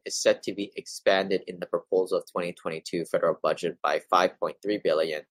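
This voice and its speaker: This real estate investing show host has a low voice, captured in poor, dry audio. He reads passages from articles, then adds his own casual takes, with a few stumbles along the way.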